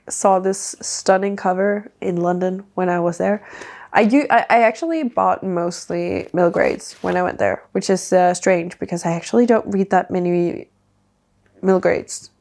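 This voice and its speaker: Her voice is gravelly, darkish, and on the low side, and she talks a little slowly. She's a book vlogger from Denmark, a native Danish speaker, rambling in English about her latest books with lots of "like" fillers.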